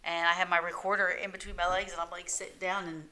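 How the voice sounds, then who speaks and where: A woman talks casually with friends about paranormal investigations. Her voice sits a little low but sounds bright and forward. She rambles and acts out the voices in her stories. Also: level tone, quick pace. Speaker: paranormal investigator, podcast co-host. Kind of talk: casual group chat.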